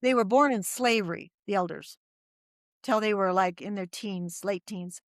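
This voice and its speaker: Lively woman telling a story, dry sound. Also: medium pitch, normal speed, no room sound. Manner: lively storyteller who acts out quoted voices. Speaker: guest. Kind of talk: storytelling in a podcast interview.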